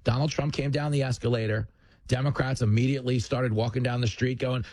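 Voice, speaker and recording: A man's voice: medium pitch, fairly even intonation, fairly quick, darkish tone, dry recording. A male host delivering a punchy, combative political commentary monologue with jokes, on a studio mic.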